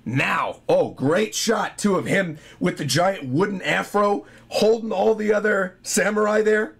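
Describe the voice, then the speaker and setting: A man reacting to a manga chapter as a YouTuber, reading panels aloud between excited outbursts, often shouting and laughing. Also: high-pitched, normal speed, creaky, hardly any pauses.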